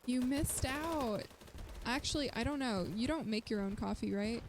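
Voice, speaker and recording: Excitable woman streamer over game noise. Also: a little high, normal speed. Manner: excitable, yelps and chatters to viewers while playing. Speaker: immunologist streamer. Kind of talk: live-streamed gameplay commentary. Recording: loud game noise behind voice.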